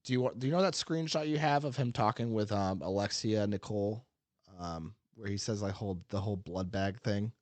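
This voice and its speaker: Low-ish guy podcast host, rambly casual chat, dry sound. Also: a little fast, darkish tone, dry recording. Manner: rambling, many fillers and restarts, laughs easily.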